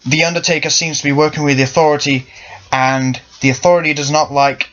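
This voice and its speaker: A man voicing an adult male wrestler in a put-on American accent, quick and earnest. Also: on the high side, fairly even intonation, fairly bright tone, natural voice. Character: adult male wrestler explaining his motives. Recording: lo-fi muffled sound.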